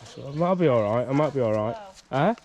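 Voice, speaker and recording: With an animated, fairly quick delivery and a darkish, medium-pitched voice whose highs are cut off, a vlogger walks outdoors at a rural campsite by a loch. He's a little bunged up with a cold and chats in a rambling way, restarting and laughing.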